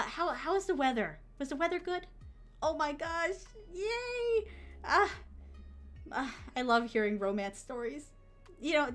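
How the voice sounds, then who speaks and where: A woman streamer in a bubbly, gushing casual chat who reads out viewer messages and adds Japanese honorifics to names. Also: a little high. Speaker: VTuber streamer.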